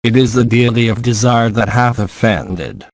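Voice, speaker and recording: A proud, mighty young warrior boasting of his strength in old-fashioned, declamatory speech, as a man reads him aloud. The voice sits at an ordinary male pitch. It is recorded dry and close. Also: animated, normal speed, no room sound, natural voice. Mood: boastful. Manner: archaic, declamatory.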